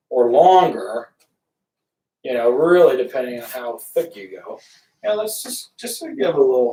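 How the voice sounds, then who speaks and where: A man painting on a live stream talks in a lively, up-and-down voice and rambles as he thinks aloud. He stands back from the mic, and his voice fills a roomy space. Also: on the high side, recorded from a distance. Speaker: painter livestreaming. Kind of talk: casual live-stream chat while painting.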